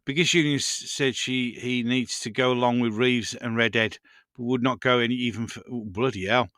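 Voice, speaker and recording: On a casual live stream, a man rambles through viewer comments and chats to his pets. His mid-range voice is fairly bright with fairly even intonation and a moderate pace, captured in a dry, clean studio recording.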